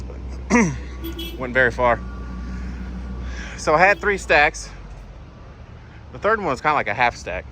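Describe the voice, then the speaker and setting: This trucker's mid-range voice comes through background noise as he films a casual vlog on a handheld phone by his truck and around an outdoor loading yard. Breathless, he rambles about his day in a plainspoken way, sighing and using fillers.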